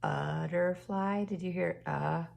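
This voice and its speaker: A woman teacher giving a slow phonics lesson to young children, patiently stretching out each sound and word. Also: on the low side, animated, vocal fry.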